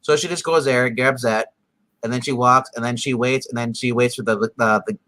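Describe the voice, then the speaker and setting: A man talks through a TV episode in a loose, rambling way, padding his sentences with fillers. His voice is bright and crisp at a middle pitch. He keeps jumping into the characters' lines with sudden lively bursts. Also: moderate pace, no room sound, poor audio. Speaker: podcast co-host recapping a TV episode. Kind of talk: casual chat.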